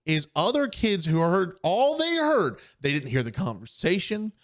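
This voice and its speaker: Young male podcast co-host, casual animated storyteller, lively swooping pitch. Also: normal speed. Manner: animated storyteller acting out quoted voices.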